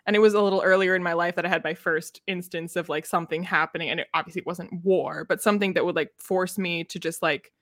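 A woman's voice: lowish voice, steady tone, fast, few pauses, fairly bright tone, dry recording, studio quality. A young woman co-hosting a podcast, chatting casually about books, laughing often and filling her talk with "like". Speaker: podcast co-host. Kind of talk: casual book discussion chat.

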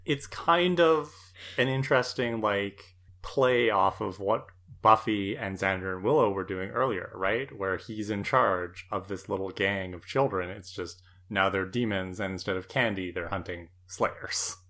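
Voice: low voice, unhurried, hardly any pauses, fairly bright tone. This co-host talks through the episode in an easy, casual way. The commentary is analytical and thoughtful, broken up now and then by light laughter. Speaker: podcast co-host. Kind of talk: casual episode recap chat.

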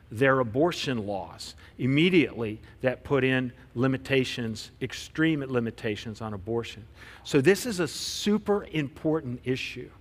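A man preaching a sermon as pastor, telling stories conversationally with frequent restarts. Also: mid-range voice. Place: church sanctuary. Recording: long reverb of a church hall.

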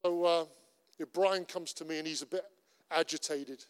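A middle-aged Cornish man delivers a sermon in a high voice. His preaching is earnest and conversational, with lots of repetition. A long church-hall reverb trails behind him. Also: fairly even intonation, normal speed, clean tone. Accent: Cornish English. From Cornwall. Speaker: pastor.

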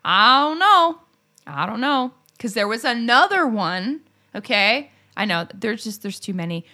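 A woman's voice: on the high side, measured pace. A young woman co-hosting a podcast, telling stories in a casual chat and breaking into laughs and swearing along the way. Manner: animated storyteller, laughs often, swears freely. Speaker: podcast co-host.

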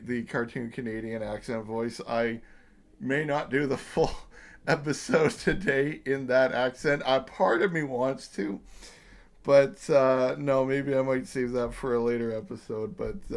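30s guy hosting his podcast, rambly, lots of um and uh, swears a bit, average pitch. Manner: rambling, profane, many fillers. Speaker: podcast host. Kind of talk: casual chat.

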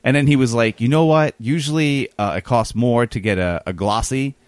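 A man's voice: mid-range voice, moderate pace, dry recording. Man spinning a rambling anecdote, lots of "uh" and "whatnot", dry mic. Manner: rambling, animated, many fillers. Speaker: guest telling a story. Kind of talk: casual storytelling.

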